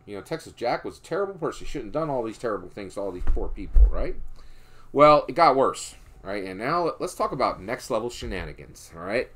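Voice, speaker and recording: He's from Philadelphia, USA, and his political commentary comes as casual storytelling, nearly every sentence capped with a questioning "right?" His voice is emphatic and fairly quick with big pitch swings, sinking low and quiet for moral points.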